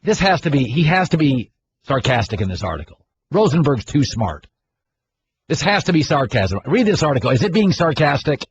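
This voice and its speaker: A brash middle-aged man holds forth on sports talk radio, arguing his points and firing questions at the audience. His voice sits a little high. The audio sounds dull and carries a faint hiss. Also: big pitch swings, moderate pace. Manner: brash, argumentative, mimics people in loud voices.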